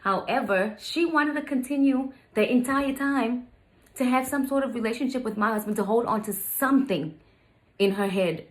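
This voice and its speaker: A woman's voice: medium pitch, low-quality recording. A young adult woman, a stepmother, telling a story in a casual vlog, emphatic and heated, with many fillers. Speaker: vlogger, stepmother.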